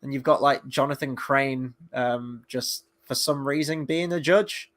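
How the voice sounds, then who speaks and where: A man's voice: medium pitch, a little slow, a bit bright. A man hosting a casual show review, rambling with lots of fillers and the odd swear word. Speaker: podcast host.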